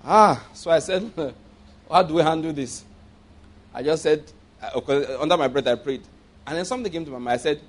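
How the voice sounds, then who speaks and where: A man's voice: on the high side, fairly quick, pauses often. Man preaching with an anecdote. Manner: repeats phrases, laughs often while speaking; asks the audience rhetorical questions. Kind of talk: sermon storytelling.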